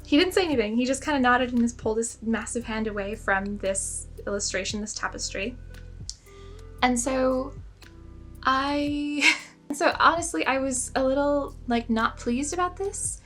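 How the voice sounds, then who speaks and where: A woman's voice: sits high, normal speed, a bit bright, faint music behind. A young woman telling a personal story in a casual vlog, chatty and self-mocking, full of "like" fillers. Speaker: spiritual storyteller.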